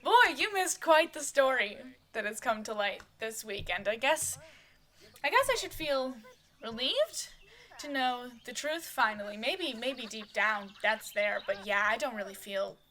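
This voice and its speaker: A woman's voice: fairly high pitch, expressive, measured pace, sharp tone. A woman voicing a rambling, frustrated woman. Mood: venting. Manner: rambling and venting. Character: restless, frustrated grown woman.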